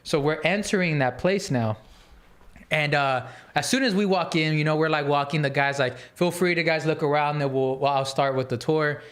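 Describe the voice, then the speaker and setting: A man on a podcast telling a story in a casual, animated, rambling way, full of fillers and restarts. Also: fairly high pitch, moderate pace. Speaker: podcast host.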